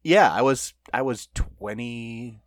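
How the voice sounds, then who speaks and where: Man, podcast co-host, casual rambling storytelling, lots of fillers, mid pitch, dry close sound. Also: slow, dry recording. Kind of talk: casual chat.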